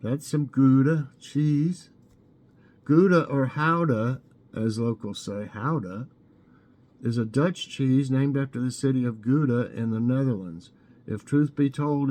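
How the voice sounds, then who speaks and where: A man's voice: mid-range voice, a little mellow. A man hosting a casual morning trivia vlog, chatting and musing as he reads out questions, options and answers. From Tennessee. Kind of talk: casual trivia quiz, reading answers aloud.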